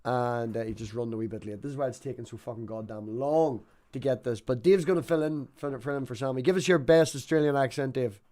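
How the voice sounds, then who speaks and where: A man's voice: medium pitch, a little fast, hardly any pauses, dark tone. A young man hosting a casual live stream on an online call, joking, rambling and swearing as he talks. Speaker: livestream host.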